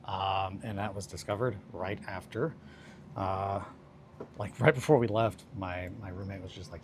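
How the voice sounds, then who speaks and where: A young man streaming a casual chat, telling rambling stories with lots of swearing and sudden bursts of excitement. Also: deep voice, moderate pace, a little hiss or hum.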